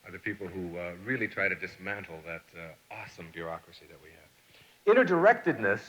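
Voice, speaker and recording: A man's voice: low-pitched, sing-song, brisk, fairly bright tone. A man giving a motivational seminar talk, telling stories, acting out the people in them and reading a poem aloud. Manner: storytelling, acts out quotes and reads poetry aloud. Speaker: motivational speaker and author. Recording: echoey hall, dull lo-fi sound.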